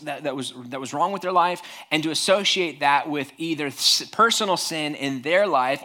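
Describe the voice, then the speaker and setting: A man's voice: a little high, pushed and bright. A male pastor preaching a sermon in a conversational way, with many restarts and small acted-out voices.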